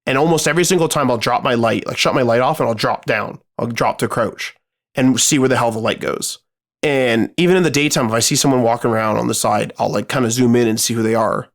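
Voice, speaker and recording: A man's voice: medium pitch, quick pace, vocal fry. A man co-hosting a podcast, telling a gaming story in casual chat, swearing freely and rambling with lots of fillers. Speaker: podcast co-host.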